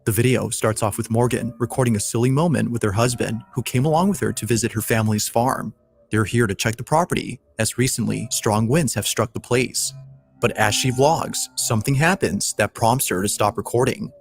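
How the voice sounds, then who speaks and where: A man narrating a compilation of scary videos in a steady, measured, scripted storytelling voice. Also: mid-range voice, vocal fry. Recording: faint music underneath.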